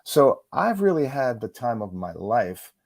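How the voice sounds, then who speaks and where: A middle-aged man, a musician and author, chatting as an interview guest, rambling quickly through stories with lots of fillers. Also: medium pitch, big pitch swings, creaky, a little mellow, dry recording. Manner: fast, rambling storyteller with frequent fillers. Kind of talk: casual interview chat.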